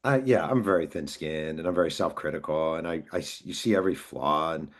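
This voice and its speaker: A man's voice: a bass voice, a little fast. A man from New York, an author telling a story in casual conversation and acting out the voices of the people he quotes. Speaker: author and podcast guest.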